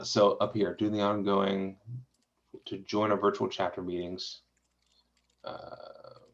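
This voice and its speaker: A man's voice: sits low, creaky, a bit bright, lo-fi sound. A man reviewing a website aloud in casual, encouraging feedback, thinking through each suggestion as he goes, heard over a video call. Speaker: web design reviewer.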